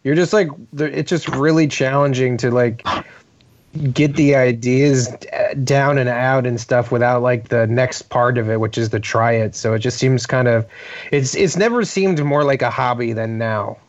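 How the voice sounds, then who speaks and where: A man's voice: medium pitch, fairly even intonation, moderate pace, dry recording. A man, a comedian co-hosting a podcast, chatting casually and rambling with lots of filler words. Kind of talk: casual chat. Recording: dull lo-fi podcast audio.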